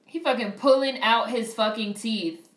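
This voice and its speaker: A woman on a casual live stream who reads viewer comments aloud and reacts to a film in a blunt, profane, animated way. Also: a little high, unhurried, far from the mic. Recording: roomy, off-mic sound.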